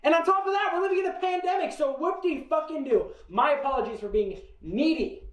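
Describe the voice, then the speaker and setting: Casting: a man as a frazzled, cursing dad, high and lively, echoey room from a distance. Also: brisk. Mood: bitter. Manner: exasperated, shouting, profane. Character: exasperated father fed up with his son. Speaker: sketch comedy actor.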